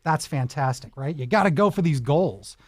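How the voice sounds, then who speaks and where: A man's voice: fairly high pitch, animated, moderate pace, a little mellow, no echo. A man hosting a talk show who interviews children in an enthusiastic, encouraging way and offers them advice. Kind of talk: upbeat interview with kids.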